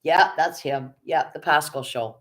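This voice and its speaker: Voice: medium pitch, a little slow, a bit bright. Blunt, profane livestream host talking to chat. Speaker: live streamer. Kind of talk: casual livestream commentary.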